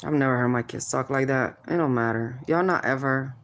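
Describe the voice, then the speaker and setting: A woman's voice: very deep voice, fairly quick. A mother speaking straight to the camera, confronting officials head-on, prodding with questions and calling people "baby" as she warns them of spiritual payback. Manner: confrontational, addresses officials directly, keeps prodding "hmm?"; calls listeners "baby", spiritual warnings. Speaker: mother speaking out about child services. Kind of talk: direct-to-camera vent.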